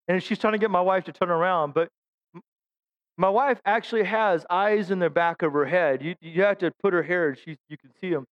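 A man's voice: high-pitched, brisk, lo-fi sound. A middle-aged man preaching a sermon, telling funny stories about himself and calling out to his congregation. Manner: humorous storytelling, self-deprecating jokes. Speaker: pastor.

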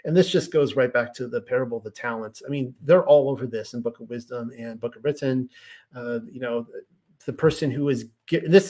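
A man's voice: mid-range voice, dark tone. A man reading passages of a spiritual text aloud and then explaining them in loose, chatty asides full of "you know" and "right?".

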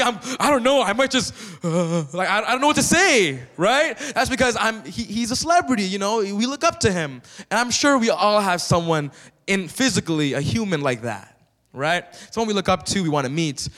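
A man preaching a sermon in church with lively energy, often turning to the congregation with questions. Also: high voice. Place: church sanctuary. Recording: long reverb of a church hall.

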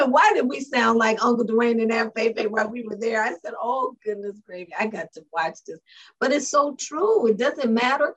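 Co-host, woman, husky voice, animated storytelling, easy laughter. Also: on the high side, normal speed, highs cut off. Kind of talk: casual chat.

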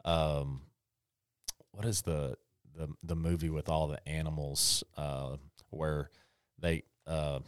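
A man hosting a casual faith podcast, talking in halting bursts with repeated words and easy laughs. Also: extremely low pitch, steady tone, smooth, no echo, studio quality. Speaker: podcast host.

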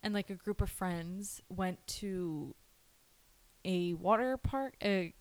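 A woman's voice: on the low side, slow, a little mellow, dry recording. A young woman, co-hosting a casual chat, laughing often as she tells stories. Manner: giggly, chatty storyteller. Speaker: podcast co-host.

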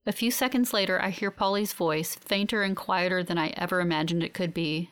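A woman giving steady, reflective first-person audiobook narration. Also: lowish voice, brisk, few pauses, smooth.

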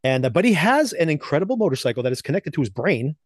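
A man's voice: fairly high pitch, sing-song, fast talker, dry recording. A man co-hosting a podcast, casually recapping and reviewing TV episodes with loose, chatty phrasing. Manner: loose, chatty recapping with frequent laughs and fillers. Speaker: podcast co-host.

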